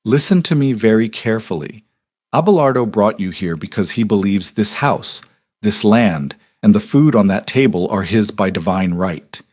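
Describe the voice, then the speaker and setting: A man voicing a composed young duchess who speaks low, even and cold in a storybook reading. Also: normal speed.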